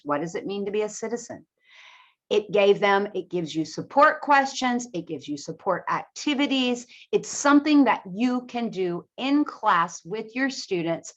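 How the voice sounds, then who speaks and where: A woman teacher giving a presentation to other teachers, with a clear, emphatic teaching voice and lively intonation. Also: mid-range voice, muffled recording. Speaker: ESL teacher.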